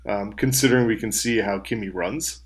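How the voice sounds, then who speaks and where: A man's voice: fairly low pitch, a little fast. A young man co-hosting a podcast in casual chat, sarcastic, swearing freely and doing mocking voices. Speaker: podcast co-host.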